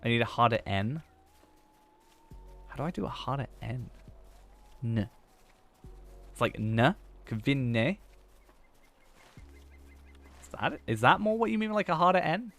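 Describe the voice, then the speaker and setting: A man's voice: a little high, animated, brisk, gravelly, pauses often, fairly bright tone, faint music behind. A man streaming a game, chatting casually and thinking aloud in a rambling, self-mocking way. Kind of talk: casual gameplay chat.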